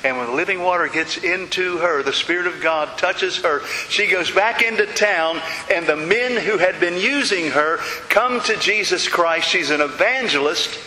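A man's voice: sits high, moderate pace, hardly any pauses, sharp tone. A man preaching a sermon, telling stories dramatically with repeated refrains. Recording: reverberant hall with faint hiss.

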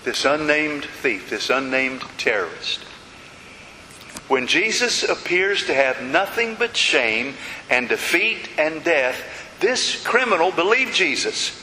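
A man delivers a sermon in a slightly high, forceful, bright voice, retelling stories dramatically and circling back to repeated refrains. The sound carries a long hall reverb and a faint hiss. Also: expressive, takes it slowly. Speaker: preacher.

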